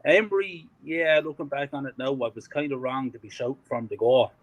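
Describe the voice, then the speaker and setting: A man's voice: mid-range voice, fairly quick, low-quality recording. A man ranting in casual chat as a co-host, frustrated and emotional about his football club. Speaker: fan podcast co-host.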